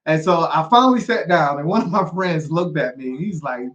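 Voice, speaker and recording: A man's voice: on the high side, normal speed, few pauses, fairly bright tone. Earnest man telling a personal story. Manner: earnest, repeats key phrases, calls the listener "man". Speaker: guest, motivational speaker.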